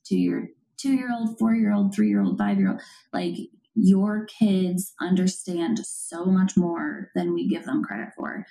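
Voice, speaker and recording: A woman's voice: on the low side, animated, unhurried, creaky, warm tone, poor audio. A woman hosting a parenting podcast, explaining ideas earnestly in casual conversation with plenty of fillers. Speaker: parent coach, podcast host.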